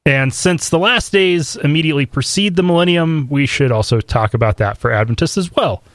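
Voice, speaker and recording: A man co-hosting a casual podcast, talking with many fillers and restarts, then walking through a topic in a steady explaining voice. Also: a little high, a little fast, no room sound, clean studio sound. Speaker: podcast co-host. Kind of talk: casual chat and explainer segment.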